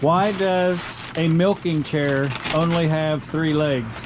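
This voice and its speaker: A man's voice: on the high side, slow. A young man, a carpenter, chatting and cracking jokes while he works, explaining things casually. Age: young adult. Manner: joking, easygoing, explains as he works. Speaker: carpenter and vlog host. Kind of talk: casual on-the-job vlog chat. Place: outdoors on a cold construction site by a river. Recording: outdoor noise, loud work-site ambience.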